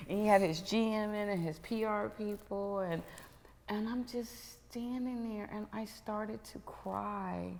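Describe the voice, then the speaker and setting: A middle-aged woman telling a personal story as a podcast guest, animated and dropping to whispers at tense moments. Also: mid-range voice, measured pace, creaky, big-room sound, a little hiss or hum.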